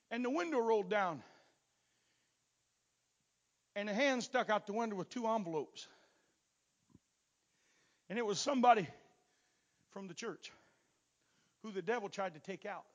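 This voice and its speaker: A pastor telling his testimony from the pulpit to a congregation, in a folksy, storytelling manner that stumbles into repeated words. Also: high-pitched. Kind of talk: sermon testimony.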